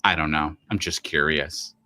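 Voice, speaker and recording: A man co-hosting a live stream, rambling in casual chat with jokes and asides. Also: mid-range voice. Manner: rambling, animated, jokey. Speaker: co-host.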